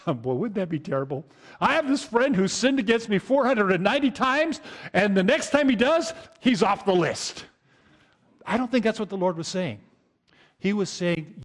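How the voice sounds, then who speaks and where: Male pastor, high and animated, informal sermon delivery. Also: normal speed. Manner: animated, conversational preaching with chuckles and acted-out quotes.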